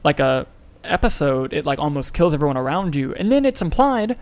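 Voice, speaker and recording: Young male podcast co-host, excitable and emotional, fairly high voice. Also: fairly quick, smooth. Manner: excitable, swearing, emotional swings in pitch. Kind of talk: casual chat.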